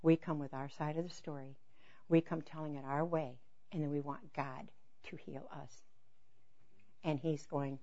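A woman preaching a sermon through personal stories, acting out dialogue with laughter, then dropping to a soft, intense hush on key points. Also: low-pitched, normal speed, pauses often, lo-fi sound.

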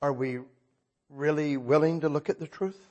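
An older man preaching a sermon in a husky voice, talking conversationally and asking the congregation frequent questions. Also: on the high side, fairly even intonation, moderate pace, a little mellow, lo-fi sound. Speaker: pastor.

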